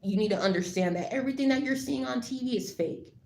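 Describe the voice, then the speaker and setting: A woman talking casually to the camera, rambling with lots of fillers and restarts, turning loud and heated as she rants. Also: on the high side, fast, creaky. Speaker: vlogger. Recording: echoey room, faint background noise.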